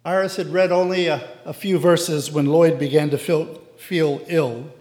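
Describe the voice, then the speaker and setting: A man reading a devotional story aloud in a measured way, acting out the characters, in a reverberant hall. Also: fairly high pitch, fairly even intonation, darkish tone.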